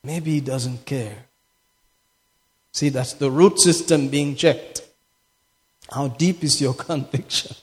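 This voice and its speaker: A man's voice: mid-range voice, slow pace, pauses often. A man preaching a sermon as pastor, impassioned and repeating phrases for emphasis. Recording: echoey hall with long reverb.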